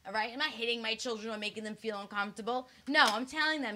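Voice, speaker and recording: Blunt, foul-mouthed woman, fairly high voice. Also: quick pace, pushed and bright, a little hiss or hum. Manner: blunt, swears freely; frank, restless, many restarts. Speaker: podcast co-host. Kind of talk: casual chat.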